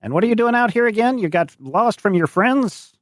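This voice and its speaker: A man doing a wiry old farmer in a tabletop game, speaking in a strained, high-pitched voice that sits far above his own. He is blunt and gruff with strangers, and the sound is dry and close. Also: animated, fairly quick, no room sound. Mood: suspicious. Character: thin old male farmer, gruff and suspicious.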